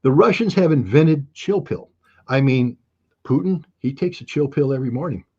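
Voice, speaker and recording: Here is a middle-aged American man talking politics with a husky, breathy edge and a blunt, sarcastic bite. His audio comes through dull and lo-fi, like a remote interview link. He keeps slipping into mocking quotes of other people. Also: mid-range voice, normal speed, dark tone. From United States. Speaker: interview guest, commentator. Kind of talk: heated political commentary.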